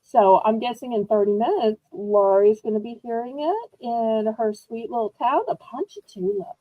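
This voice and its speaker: A woman hosting a live online auction from home, chatty and rambling, teasing herself as she pitches items. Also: moderate pace, dry recording, narrow, tinny audio. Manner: bubbly, rambling, self-teasing. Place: indoors at home.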